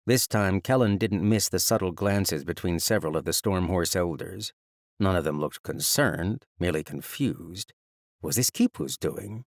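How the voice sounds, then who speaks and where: A man with a fairly low voice narrates a fantasy audiobook with measured, even storytelling. The recording is dry and close, as from a studio microphone. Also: dry recording.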